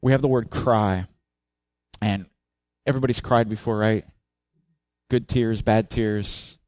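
A male pastor delivers a conversational sermon, posing questions to the congregation and expressively acting out the psalmist's cries in a raised voice. His voice sits on the low side, his pace is measured, and the recording is dry.

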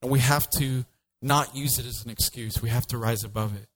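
Lively joking male pastor. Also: mid-range voice, fairly quick, low-quality recording. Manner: lively, joking, acts out voices of biblical figures. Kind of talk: sermon.

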